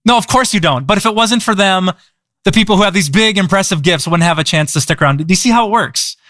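A man's voice: high-pitched, animated, quick pace, bright, forceful tone, no echo, clean studio sound. A man preaching a sermon as pastor, conversational, repeating words and asking the audience questions. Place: church.

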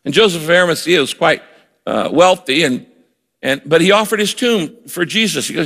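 An older man preaching as a pastor, his voice fairly high, fairly quick and a bit bright. He is earnest and emphatic, repeating words often and acting out the lines he quotes. The recording carries a long hall reverb.

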